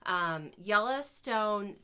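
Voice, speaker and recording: Chatty woman with a bright voice. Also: mid-range voice, expressive, drawn-out words, smooth. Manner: chatty, laughs often, openly emotional. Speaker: podcast co-host. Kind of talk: casual chat.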